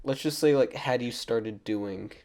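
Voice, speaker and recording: A man's voice: medium pitch, a little slow, darkish tone, slight background noise. A man in casual podcast chat who asks rambling, hesitant questions and laughs as he talks. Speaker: podcast co-host.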